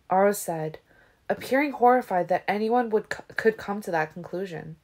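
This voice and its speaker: A woman reading a novel aloud as an audiobook, with steady, even storytelling. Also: mid-range voice, normal speed. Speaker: audiobook reader. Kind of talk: audiobook narration.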